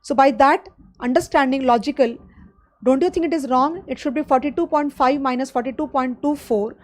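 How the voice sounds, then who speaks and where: Over the loud drums of a street festival, a high-voiced woman with an Indian English accent runs a live online exam finance class. She lays out every step plainly, keeps asking in with "guys," and talks fairly quickly, her pitch sitting well above most women's.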